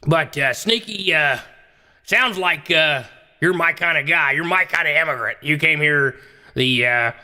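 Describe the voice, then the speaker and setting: A man's voice: on the high side, a little slow, sharp tone. A man voicing a blustering Texan talk-show host who rambles with many fillers, in an echoey hall. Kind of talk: comedy sketch role-play.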